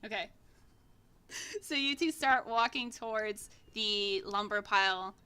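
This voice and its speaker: A woman's voice: mid-range voice, takes it slowly, pushed and bright, smooth. A woman narrating as game master in a tabletop game, rambling, swearing freely and laughing often.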